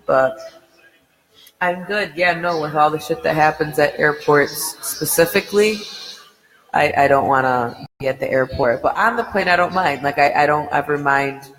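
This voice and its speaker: A man's voice: fairly high pitch, normal speed, a bit bright, long reverb tail, rough recording. A man co-hosting a podcast, chatting casually in a rambling way and swearing freely. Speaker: podcast co-host. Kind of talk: casual chat.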